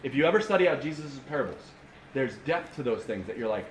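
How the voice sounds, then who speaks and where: A man in his thirties preaches with a slightly raised voice, full of animated storytelling and quick restarts. The room rings with a roomy echo, and a faint hiss sits under the sound. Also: fairly high pitch. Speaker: pastor. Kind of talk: sermon. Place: camp meeting room.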